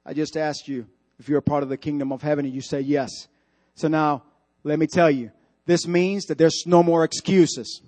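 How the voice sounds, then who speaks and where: A man's voice: a little high, moderate pace, darkish tone. A male pastor preaching a sermon, emphatic and repetitive, putting direct questions to the congregation in church.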